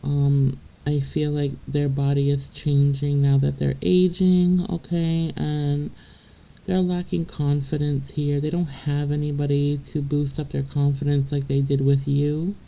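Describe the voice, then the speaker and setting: In a low-quality recording, a woman with a low, gravelly, dark voice and little pitch movement talks a bit slowly. She's a tarot reader giving the viewer a casual, profane, blunt reading, laughing and chatting between points and repeatedly asking "okay?"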